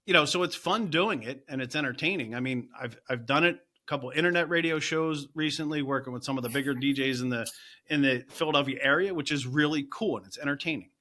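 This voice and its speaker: A middle-aged man working as a real estate agent, a podcast guest talking in energetic bursts full of "you know" and "right?". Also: on the high side, fast. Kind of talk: casual interview chat.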